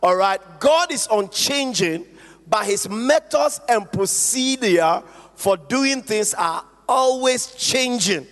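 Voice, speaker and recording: A man's voice: high-pitched, lively intonation, a bit bright. A man preaching a sermon to a congregation, calling for responses and stretching out key phrases. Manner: call-and-response preaching, drawn-out emphatic phrases. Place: church hall. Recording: echoey hall with long reverb.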